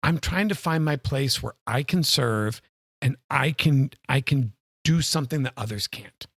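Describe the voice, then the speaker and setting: A man co-hosting a casual podcast, a former band director who tells animated stories and acts out the people in them. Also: mid-range voice, unhurried, dry recording, studio quality. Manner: animated storyteller who acts out other voices. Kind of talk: casual chat.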